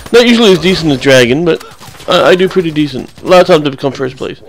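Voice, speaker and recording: A man's voice: fairly high pitch, expressive, fast, a little hiss or hum. A young man giving casual, rambling, crude and joking voice-over commentary on his gameplay clips.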